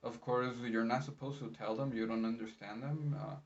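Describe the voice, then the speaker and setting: A man's voice: medium pitch, steady tone, normal speed, distant mic, dull audio. A man working as a medical interpreter, recapping his workday in a rambling, chatty way with many fillers. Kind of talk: casual vlog recap.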